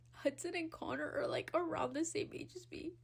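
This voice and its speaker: In a creaky voice, a young woman of Hispanic background hosts her own podcast with a casual solo rant. Her delivery is animated and full of laughter and swearing, with large swings in pitch and volume between squeals and mutters.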